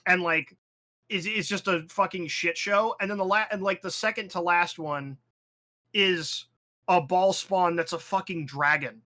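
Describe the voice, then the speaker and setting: A young man hosting a casual podcast chat with a bright, slightly high voice. He rambles and swears freely, restarts his sentences and launches into animated tangents with acted-out asides. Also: unhurried. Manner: rambling, profane, restarts often. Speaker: podcast host.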